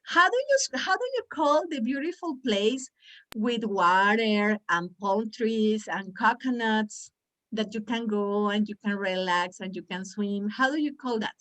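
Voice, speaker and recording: Bright animated woman teacher, Spanish native. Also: medium pitch, unhurried. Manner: animated, exaggerated sounds to demonstrate. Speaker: English pronunciation teacher. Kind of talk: online class teaching.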